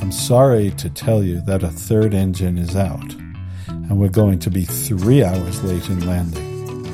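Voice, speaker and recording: A man voicing a calm male airline captain giving formal, apologetic announcements over a loudspeaker. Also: sits low, unhurried, over music.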